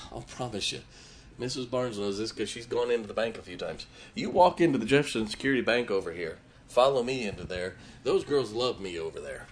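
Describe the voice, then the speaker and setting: A man's voice: lowish voice, animated, moderate pace, breathy edge. A male pastor preaching a sermon in church, telling folksy stories and laughing at his own jokes.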